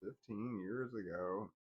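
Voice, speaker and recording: A man in his forties casually telling personal stories, wry and laughing at first, trailing off into bitter quiet. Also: fairly low pitch, slow pace, gravelly, muffled recording. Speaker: vlogger.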